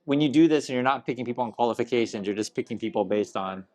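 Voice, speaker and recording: A man at a mid pitch hosts a laid-back news chat, reading viewer comments and mulling them over with plenty of "um"s and easy chuckles. The sound is dry and close, with no room echo behind him. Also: quick pace. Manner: relaxed, chatty, many fillers and chuckles. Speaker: host.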